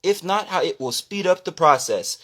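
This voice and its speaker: A man giving an impassioned, profane live-stream rant as a spirituality content creator, loud and preachy, dropping from shouts to low asides. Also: animated, moderate pace.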